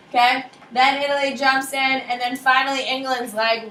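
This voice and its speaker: A woman's voice: high-pitched, flat delivery, normal speed, hardly any pauses, pushed and bright, slight background noise. A woman teaching a history class in a casual, joking way, quizzing students by name and acting out countries in funny voices. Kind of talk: classroom lecture. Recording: echoey classroom from far off with faint ambience.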